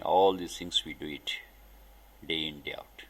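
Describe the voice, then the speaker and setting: A man giving a spiritual discourse, speaking deliberately in short emphatic phrases. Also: rumbling low, fairly even intonation, fairly bright tone. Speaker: spiritual teacher.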